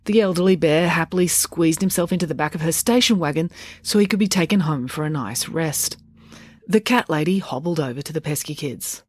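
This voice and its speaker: Children's author reading a bedtime story, lowish voice, dry close sound. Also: female voice, brisk, a little mellow, slightly rough, no room sound. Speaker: podcast host and children's author.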